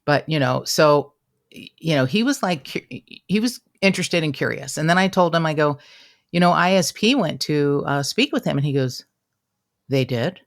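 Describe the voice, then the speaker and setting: A woman's voice: deep voice, animated, moderate pace. Chatty woman retelling a phone call. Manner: retells conversations with quoted back-and-forth, swears, self-mocking. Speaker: podcast co-host. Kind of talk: casual true-crime chat.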